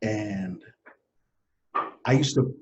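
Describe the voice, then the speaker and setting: A man telling stories from his life as a guest in a casual interview, earnest and animated, often laughing. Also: on the low side, extremely slow, background noise. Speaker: podcast guest. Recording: dull lo-fi sound.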